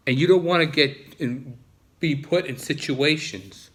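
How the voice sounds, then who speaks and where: A man's voice: a little high, measured pace, fairly bright tone. A man with a New Jersey accent talking in a casual, rambling vlog monologue, often restarting and repeating himself. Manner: repetitive, frequent restarts. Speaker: vlogger.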